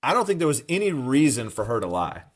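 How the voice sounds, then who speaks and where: A man's voice: mid-range voice, big pitch swings, fast. A man co-hosting a podcast, recapping a book chapter in casual chat and retelling scenes at length with plenty of "you know" and "um". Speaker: podcast co-host.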